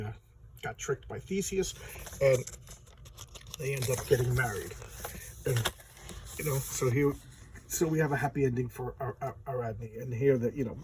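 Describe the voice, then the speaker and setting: A man giving a casual, chatty walkthrough of a comic book, retelling the story in loose talk full of "you know" and quick asides. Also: medium pitch, slight background noise, rough recording. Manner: acts out characters' lines in quick voices.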